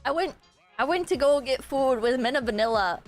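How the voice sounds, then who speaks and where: A woman's voice: sits high, lively intonation, fairly quick, soft background music. A woman chatting casually on a stream, rambling and self-deprecating, swearing and laughing often.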